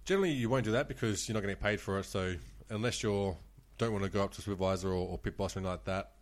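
A man's voice: fairly low pitch, rapid-fire. A young man with an Australian accent, a former casino dealer, telling stories in casual chat, laughing and swearing freely.

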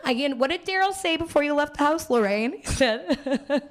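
A woman's voice: sits high, expressive, moderate pace. A young woman from Winnipeg performing a live stand-up set on a small theater stage, rambling and self-mocking, laughing through her lines. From Canada, Winnipeg. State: hungover. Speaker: stand-up comedian.

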